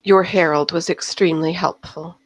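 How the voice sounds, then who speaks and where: A woman's voice: fairly low pitch, steady tone, normal speed, no room sound, lightly acted. A woman voicing Eva, a poised female dance-house owner with polite, formal phrasing, plainly worried underneath. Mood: gracious.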